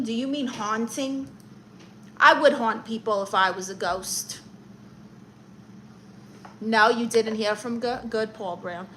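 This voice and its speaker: In a low-quality recording with some background noise, a Brooklyn woman hosts a live stream as a funny aunt, sassily teasing commenters as honey and darling. Her voice is a little high, pushed and bright.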